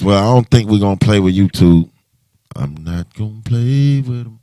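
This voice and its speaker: Deep-voiced man hosting a casual livestream. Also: expressive, moderate pace, dark tone, dry recording, studio quality. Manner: loose, rambling, with many restarts. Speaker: livestream host.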